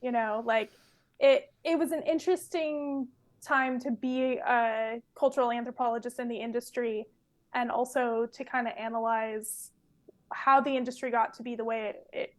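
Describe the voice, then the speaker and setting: A woman's voice: fairly high pitch, fairly even intonation, normal speed. A woman from California in her twenties, a guest anthropologist chatting casually in a podcast interview, with a loose style full of fillers and laughs.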